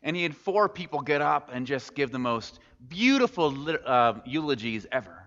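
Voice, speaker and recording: Casual-talking preacher in an echoey hall. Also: male voice, mid-range voice, very animated, moderate pace, a bit bright. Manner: conversational, rhetorical questions, casual humor. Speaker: pastor. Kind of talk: sermon. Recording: echoey hall, muffled sound.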